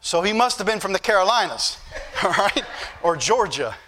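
A man's voice: sits high, big pitch swings, normal speed, bright, forceful tone. A man preaching a sermon as pastor, folksy and joking at times, then building to emphatic points. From northern United States.

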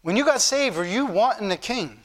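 A man preaching a sermon, reading scripture aloud and repeating key phrases with slow emphasis. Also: sits high, lively intonation. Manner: reads scripture aloud in King James wording.

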